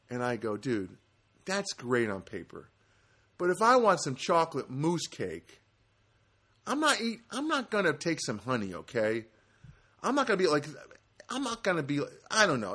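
A man's voice: mid-range voice, big pitch swings, brisk, a bit bright. A middle-aged man hosting his own comedy podcast from a studio apartment, rambling through a story and acting out both sides of a conversation. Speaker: podcast host. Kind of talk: solo comedic podcast monologue.

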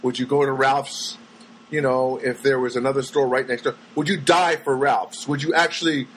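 A man's voice: medium pitch, normal speed, slightly rough, low-quality recording. A man telling rambling everyday stories in a casual monologue, acting out the voices of people he met. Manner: rambling, animated, acts out voices of people he quotes.

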